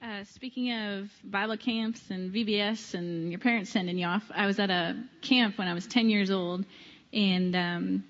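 A woman's voice: mid-range voice, vocal fry. Earnest woman minister in a hall. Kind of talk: personal testimony. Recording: dull recording in a reverberant hall.

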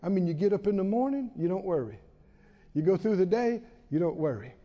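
A man preaching a sermon, emphatic, asking many rhetorical questions and pausing for effect. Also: high-pitched, expressive, dark tone. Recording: dull reverberant hall sound.

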